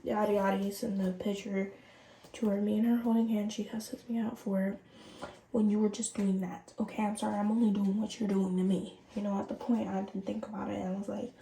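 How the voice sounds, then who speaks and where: A woman's voice: mid-range voice, brisk, vocal fry, a little hiss or hum. Chatty teen girl in a roomy bathroom. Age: late teens. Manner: chatty, animated, addresses viewers directly. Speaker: vlogger. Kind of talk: casual storytime chat. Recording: roomy and distant from the mic.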